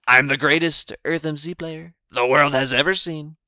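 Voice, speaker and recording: A man's voice: a little high, steady tone, normal speed, bright, forceful tone, no room sound, lo-fi sound, pitched above the performer's own voice. A young man putting on the voice of a boastful older male politician, bragging in repetitive superlatives with a strained throat.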